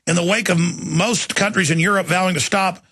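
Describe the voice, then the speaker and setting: A man hosting a talk radio show, ranting fast and fervently about the news. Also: high-pitched, fairly even intonation, pushed and bright, husky, no echo, clean studio sound. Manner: fervent, mocks opponents in put-on voices.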